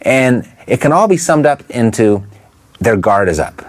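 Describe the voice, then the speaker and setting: A man coaching listeners in an instructional talk, stressing his points and asking quick rhetorical questions. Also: mid-range voice, big pitch swings. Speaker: real estate investing coach.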